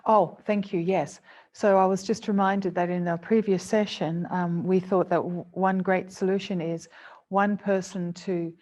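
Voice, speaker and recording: A woman clinical psychologist presenting a seminar to a live and online audience, speaking earnestly and gently and repeating phrases for emphasis. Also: lowish voice, fairly even intonation, unhurried. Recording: dull lo-fi webinar audio.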